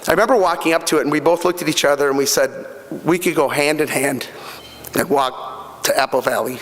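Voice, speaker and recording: A middle-aged man with a fairly high voice speaks briskly as the guest speaker at a fundraising breakfast. His motivational speech relies on heartfelt personal stories, and he repeats himself and uses many fillers. The hall adds long reverb.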